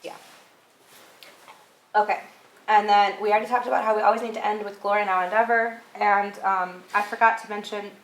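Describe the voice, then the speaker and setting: A woman's voice: medium pitch, level tone, brisk, pauses often, a bit bright. A woman casually coaching church readers, chatty with lots of "um" and "like". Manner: chatty, many "um"s and "like"s, laughs at herself. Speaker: workshop instructor for church readers. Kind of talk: casual teaching talk. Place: church hall. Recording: echoey room with light background noise.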